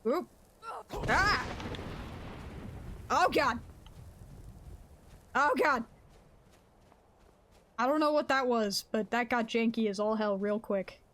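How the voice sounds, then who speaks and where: A woman live-streaming a game, chatting casually with her viewers in an excitable, laughing way. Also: fairly high pitch, slow pace, pauses often, slight background noise. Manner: greets chat viewers mid-game.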